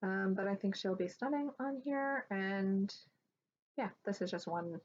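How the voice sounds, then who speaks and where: A woman's voice: medium pitch, animated, measured pace. A woman vlogger chatting casually at home about her stitching projects, rambling with fillers and restarts. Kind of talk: casual show-and-tell chat. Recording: dull lo-fi sound with faint background noise.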